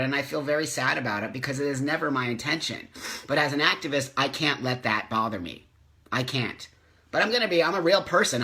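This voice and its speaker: A middle-aged man talks straight to his live-stream viewers, reading their comments and answering them. His voice is bright and forceful, and he speaks with passion and open emotion as he rants. It sounds like a webcam or phone mic at home. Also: medium pitch. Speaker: host of a live community video chat.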